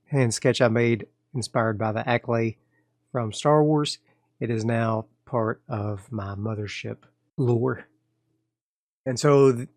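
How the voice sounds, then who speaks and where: A man hosting and narrating a solo tabletop horror game, telling the story in a loose, relaxed way with fillers and restarts. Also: medium pitch, no room sound, studio quality. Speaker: game master and host of solo tabletop play.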